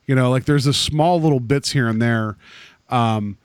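Casual male podcast co-host, rambling and restarting, medium pitch, dry close sound. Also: moderate pace, clean tone, no echo. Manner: rambling, full of fillers and restarts. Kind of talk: casual chat.

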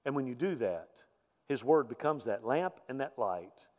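A man's voice: mid-range voice, animated, normal speed, a little mellow. A middle-aged man, preaching a sermon in a conversational way and often repeating his words as he goes. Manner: conversational preaching with frequent word repetitions. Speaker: pastor. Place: church sanctuary. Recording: echoey church hall.

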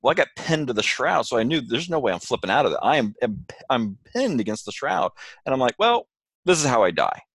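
A man telling a story in casual chat with animated delivery, acting out quotes. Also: mid-range voice, brisk, slightly rough, dry recording. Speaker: co-host, sailor.

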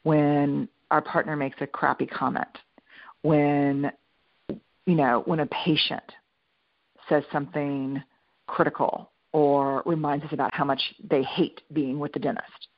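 Middle-aged woman, keynote speaker; lively, repeats her points, slightly muffled dry sound. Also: low-pitched, unhurried, dry recording. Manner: lively storyteller, stresses points by repeating them. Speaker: speaker and researcher. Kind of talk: storytelling keynote talk.

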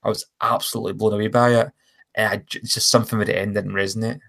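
In casual film chat on a podcast, this male co-host rambles with enthusiasm and corrects himself along the way. He talks very fast in a lowish, creaky, slightly bright voice with a level tone.

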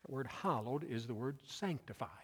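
A man preaching in a church, reading verses aloud and then building up emphasis as he explains them. His mid-pitched voice carries a long reverb from the hall around him. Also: expressive, normal speed, husky. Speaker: pastor. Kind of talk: midweek sermon with scripture reading.

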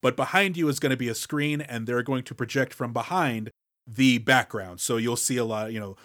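A man's voice: mid-range voice, moderate pace, fairly bright tone, no echo, clean studio sound. A man co-hosting a casual movie podcast, explaining film techniques in a loose, filler-heavy way. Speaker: podcast co-host.

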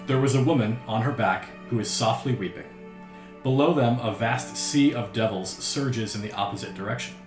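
A man narrating a tabletop game as game master in a relaxed way. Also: mid-range voice, moderate pace. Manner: relaxed, with frequent "uh" fillers. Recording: roomy with background music.

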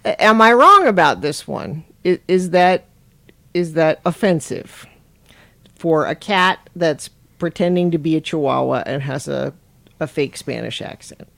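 Chatty woman podcast host, lively voice. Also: low voice, unhurried, vocal fry, no echo. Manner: chatty, laughs often, questioning. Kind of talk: casual podcast chat and read-aloud.

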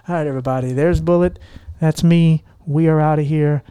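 A man's voice: fairly high pitch, steady tone, a little fast, warm tone, clear, resonant tone. Earnest man hosting a podcast. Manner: earnest, heartfelt, rambling. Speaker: podcast host. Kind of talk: casual podcast chat.

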